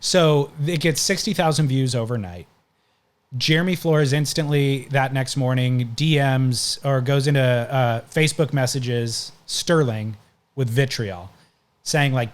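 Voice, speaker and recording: A man hosts a casual podcast and tells long, winding stories in a relaxed, conversational way. His voice sits at an ordinary middle pitch. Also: takes it slowly. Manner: recounting stories at length, conversational. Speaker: podcast host.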